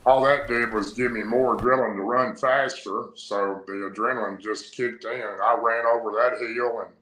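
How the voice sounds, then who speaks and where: A man's voice: medium pitch, fairly even intonation, normal speed, fairly bright tone. A man, a guest on a podcast, telling a long personal story in a rambling, breathless way, linking his clauses with "and". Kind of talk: storytelling in a casual interview. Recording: roomy echo.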